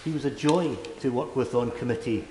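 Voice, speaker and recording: Mellow-voiced man in a hall. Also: medium pitch, brisk. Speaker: member of parliament. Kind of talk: tribute speech in parliament. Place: parliamentary chamber. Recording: echoey hall with faint background hum.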